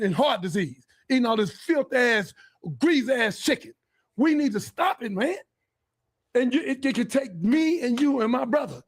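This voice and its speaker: High-pitched man ranting fiercely. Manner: fiery, profane, preachy, bursts into shouting. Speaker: podcast host. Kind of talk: heated monologue.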